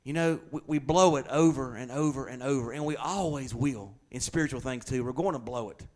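A man's voice: medium pitch, a little fast. A middle-aged male pastor preaching a sermon in a conversational way, joking, then pressing his points hard. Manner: conversational preaching with humor and sudden loud emphasis.

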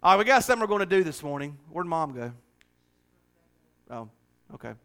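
Folksy pastor with a higher voice. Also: male voice, big pitch swings, brisk, a bit bright. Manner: folksy, joking, chatty. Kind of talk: sermon with church announcements.

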